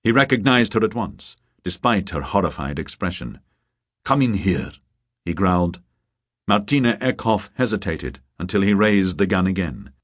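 A man narrating a thriller audiobook in a measured, even storytelling manner. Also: low voice. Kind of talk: scripted narration. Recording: dry close studio sound.

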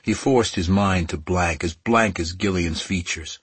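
Deep, husky male audiobook narrator. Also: measured pace, dry recording.

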